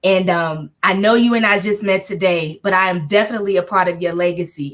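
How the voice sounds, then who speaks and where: A woman's voice: on the low side, brisk. A woman in her thirties hosting a casual chat on a video call, effusive and emotional, with slangy talk. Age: 30s. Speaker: host.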